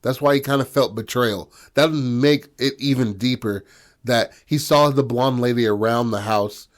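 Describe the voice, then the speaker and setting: Man discussing a story in slangy chat. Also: mid-range voice. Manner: slang-heavy, emphatic, slows down to stress a point. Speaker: podcast co-host. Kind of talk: casual discussion.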